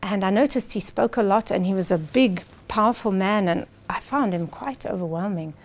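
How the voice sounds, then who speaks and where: A woman speaks with a gravelly, slightly rough voice at a middle pitch. She is a coach giving a studio interview and tells stories in an animated way. She often slips into the voices of the people she quotes. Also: normal speed. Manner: animated storyteller, acts out quoted speech. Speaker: executive coach, interview guest. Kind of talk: studio interview, telling a client story.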